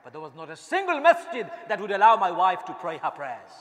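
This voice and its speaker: Impassioned high-voiced preacher in an echoing hall. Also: male voice, big pitch swings, normal speed. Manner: passionate, rising to shouts, rhetorical questions. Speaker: imam. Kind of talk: impassioned sermon. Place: mosque hall. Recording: long reverb in a large hall.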